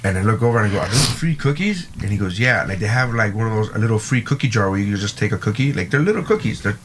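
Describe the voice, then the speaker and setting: Animated man with faint background hiss. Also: on the low side, very fast. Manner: animated storytelling, swears, emphatic repetition. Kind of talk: casual chat.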